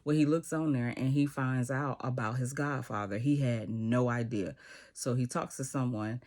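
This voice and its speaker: Guy doing a chatty tv episode recap, animated, slips into the characters' lines. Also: medium pitch, normal speed.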